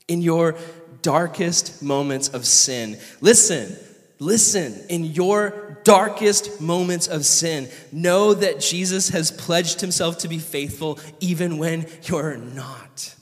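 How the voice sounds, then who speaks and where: A man's voice: on the high side, a little slow. A man from California, a pastor giving a passionate, conversational sermon and asking the audience questions. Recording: long reverb of a hall.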